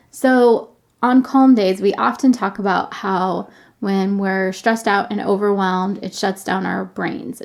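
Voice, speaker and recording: A woman's voice: mid-range voice, gravelly, darkish tone. A woman podcast host chatting enthusiastically and reading a novel aloud.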